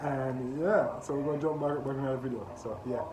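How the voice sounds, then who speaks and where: A Jamaican man hosting a casual music reaction, talking excitedly and often asking "you see me?". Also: mid-range voice, brisk. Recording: echoey room with background noise.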